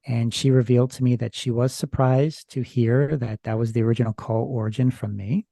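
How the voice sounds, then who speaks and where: A man with a gravelly, husky voice tells a story in a loose, rambling way, pausing often. His tone is dark and mellow, and the sound is close and dry. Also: medium pitch, fairly even intonation, no room sound. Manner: rambling, hesitant retelling from notes. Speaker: podcast guest. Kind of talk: casual storytelling chat.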